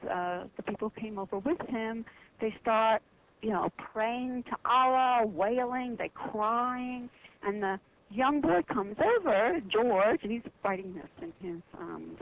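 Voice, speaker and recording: A woman guest on a radio talk show telling a religious history story in an earnest, halting way with many pauses. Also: a little high, creaky, highs cut off, a little hiss or hum.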